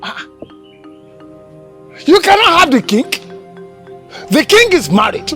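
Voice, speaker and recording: A man's voice: very high voice, very animated, slow pace, pushed and bright, soft background music, full character voice. An actor with a Yoruba Nigerian accent playing a stern, dismissive father who scolds his daughter. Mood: scolding. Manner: scolding, mixes in Yoruba phrases. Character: stern, dismissive father, a powerful village elder. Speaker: father, village chief.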